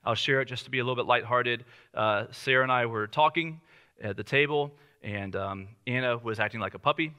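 A man in his thirties preaching a sermon as pastor, telling family stories in a relaxed, conversational way with light laughter. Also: mid-range voice, a little fast, clean tone.

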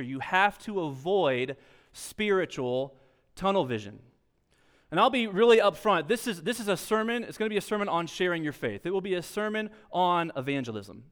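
A young adult man who is a pastor preaches a sermon in a conversational, storytelling style, sprinkled with light self-deprecating humor. His voice is fairly high-pitched with a clean tone.

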